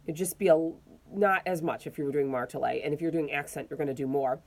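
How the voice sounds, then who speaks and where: A woman teaching a violin lesson, calmly explaining bowing technique step by step while demonstrating. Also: low voice, quick pace. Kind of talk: casual instructional explanation.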